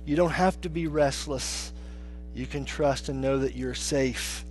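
A man preaching a sermon as pastor, swinging between hushed, low lines and raised, emphatic ones. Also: unhurried, a little hiss or hum.

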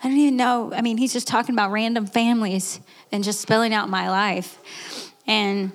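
A woman in her late thirties giving a candid, earnest personal testimony, with restarts and quick laughs. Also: fairly high pitch, little pitch movement. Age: 30s. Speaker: guest speaker. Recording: echoey hall.

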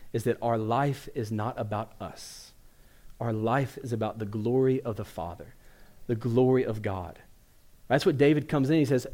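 A man's voice: medium pitch, a little mellow. A man preaching a sermon, who retells a Bible story by acting out its characters in casual modern speech. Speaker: pastor.

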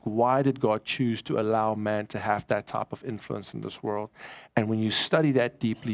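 A man preaching a sermon as pastor, conversational and joking with his congregation. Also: medium pitch.

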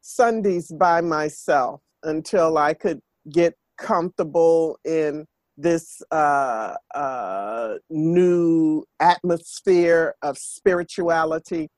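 A woman's voice: low voice, slow pace, darkish tone, no echo. An older woman hosting a faith podcast, speaking in an earnest, repetitive preaching cadence. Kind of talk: spiritual talk monologue.

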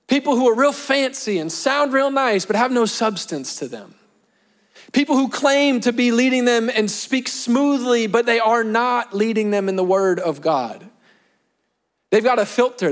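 A man's voice: very high-pitched, lively intonation, a little slow. A young adult man preaching a sermon, talking in a conversational way with emphatic repeated phrases. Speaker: pastor.

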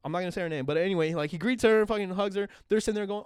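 A man's voice: high voice, racing, smooth, no echo, clean studio sound. A man co-hosting a podcast, telling a story in casual chat, swearing freely and laughing often. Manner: profane, animated, laughs often. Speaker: podcast co-host.

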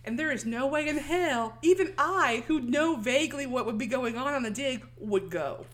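A woman's voice: sits high, lively intonation, moderate pace, a loud crowd. A woman co-hosting a casual chat, animatedly retelling a story and acting out the characters' lines. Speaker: podcast co-host recapping a film.

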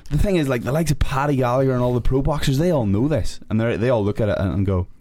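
A man's voice: mid-range voice, quick pace, mellow, dry recording. A man with a Northern Irish accent, a fighter guest on a podcast, ranting heatedly and swearing a lot. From Northern Ireland. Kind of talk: casual podcast chat.

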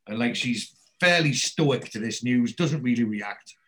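A man's voice: medium pitch, lively intonation, a little slow, a bit bright. Male podcast host who recaps episodes in a rambling, chatty way, with a mid-range voice. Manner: rambling storyteller with many fillers and restarts. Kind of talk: casual chat retelling a TV episode.

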